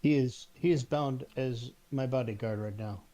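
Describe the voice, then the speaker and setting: A man's voice: mid-range voice, moderate pace, mellow. A man playing in a tabletop game, speaking in a brief, matter-of-fact way. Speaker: player. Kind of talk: casual tabletop play.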